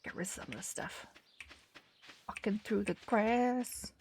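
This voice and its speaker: A woman's voice: mid-range voice, unhurried, a little mellow, slightly rough. A woman giving casual, chatty commentary while live-streaming a game, thinking aloud as she plays.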